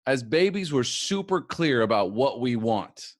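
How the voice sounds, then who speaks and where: A man's voice: mid-range voice, a little slow, few pauses. A man who works as a recovery coach giving a conference talk, acting out quoted voices as he speaks. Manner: animated, acts out quoted voices.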